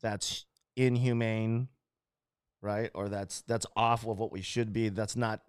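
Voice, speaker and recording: A man's voice: on the low side, moderate pace, no room sound, clean studio sound. A middle-aged man in loose, profane casual conversation, often acting out quotes in other voices. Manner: animated, swears a lot, acts out quotes in other voices.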